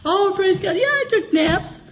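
A middle-aged woman giving an informal sermon testimony, animated and laughing, swinging from excited exclamations to low murmurs. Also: a little slow, rough recording. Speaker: church speaker.

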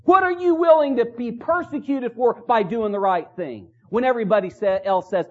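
High-voiced preacher exhorting in a chapel. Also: male voice, big pitch swings, fairly quick, few pauses, a little mellow. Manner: earnest, exhorting with rhetorical questions and repetition. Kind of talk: sermon. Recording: dull lo-fi recording.

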